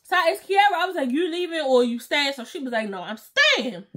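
A young woman tells a story to her viewers, and her voice sits high and swoops up and down. She acts out each quote with loud exclamations and slang. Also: sing-song, a little fast. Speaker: storytime vlogger. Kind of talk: casual storytelling.

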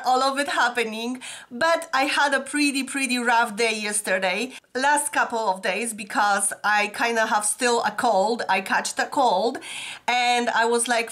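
A woman with a high voice, congested from a cold, talks in an unhurried way. She gushes and rambles in a casual reaction vlog. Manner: gushing, excitable, rambling. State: stuffy nose from a cold. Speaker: music video reactor.

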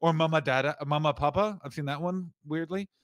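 A man's voice: fairly high pitch, fast, a bit bright, no room sound. A man co-hosting a comedy podcast, rambling and riffing with mock outrage. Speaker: podcast co-host.

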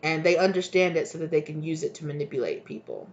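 A woman with a lowish voice gives a casual tarot reading, chatty and blunt, with many fillers. The sound is a bit dull and lo-fi. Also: expressive, fast talker. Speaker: tarot reader.

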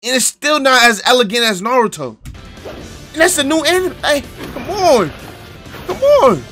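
Male live streamer, excitable and profane, bright edgy tone, soundtrack faint under him. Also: very high voice, normal speed, faint music behind. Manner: excitable, profane banter with chat.

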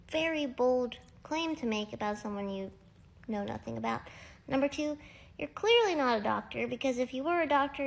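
A young woman with a very high, small-sounding voice talking candidly and casually to her phone camera, ranting and poking fun at herself. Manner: candid, ranting, self-mocking. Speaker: comedy creator.

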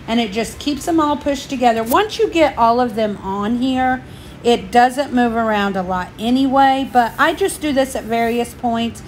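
Woman, a bit out of breath, homey step-by-step craft talk, higher voice, faint room hiss. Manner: chatty, homey, explains each step. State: slightly out of breath. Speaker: craft channel host.

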